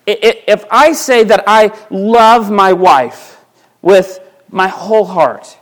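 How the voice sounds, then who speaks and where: A male pastor preaching a sermon in a conversational way, asking his listeners rhetorical questions and restarting phrases by repeating words. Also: sits high. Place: church sanctuary.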